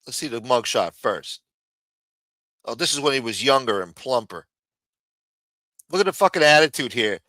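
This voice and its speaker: A man's voice: medium pitch, animated, moderate pace, pauses often, bright, forceful tone, no echo, studio quality. A man hosting a live commentary stream, sarcastic, profane and mocking as he talks. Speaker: livestream host.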